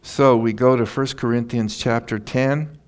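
A man's voice: mid-range voice, fairly even intonation, unhurried, darkish tone. A middle-aged man preaching a sermon in church, conversational and self-deprecating, telling stories with chuckles. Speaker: pastor.

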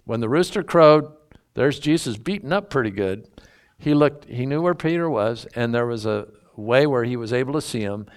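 A man's voice: mid-range voice, expressive, moderate pace, clean tone. A man preaching a sermon, teaching through a Bible passage in a folksy, emphatic way and drawing out key words. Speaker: pastor.

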